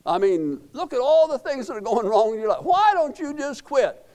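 A man's voice: very high voice, big pitch swings, normal speed, a little mellow, pitched above the performer's own voice. A man voicing the devil as a coaxing, taunting male tempter in a sermon, pushing with repeated questions.

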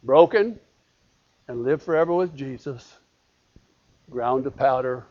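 A man preaching a sermon, swinging from loud emphatic lines to hushed quotations, with repeated cadences. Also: mid-range voice, slow pace. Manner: repetitive cadence. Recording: dull lo-fi recording.

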